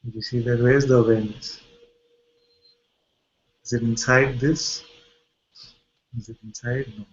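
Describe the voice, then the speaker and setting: A man with an Indian accent, a spiritual teacher giving a gentle satsang talk full of rhetorical questions. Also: medium pitch, fairly even intonation, measured pace, slightly rough, muffled recording. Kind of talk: satsang talk and video-call chat.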